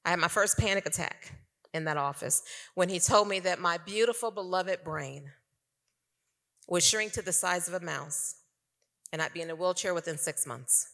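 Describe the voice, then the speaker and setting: A middle-aged woman tells her testimony to a conference crowd with a crisp, forceful tone and a gravelly edge. She is an animated storyteller who keeps turning to talk to the audience. Her stage mic carries a long echo through the hall. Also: lowish voice, normal speed. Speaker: conference speaker giving testimony. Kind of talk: personal testimony to a live audience.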